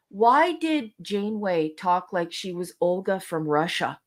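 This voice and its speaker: A woman's voice: mid-range voice, lively intonation, measured pace, hardly any pauses, a little mellow. Exasperated woman ranting in a review. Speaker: co-host reviewing episodes. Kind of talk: casual podcast review.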